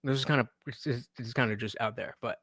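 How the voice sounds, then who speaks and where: A man live streaming, chatting casually with his audience, hyped and shouty, profane, dropping to mumbled asides. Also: mid-range voice, quick pace, dry recording, studio quality.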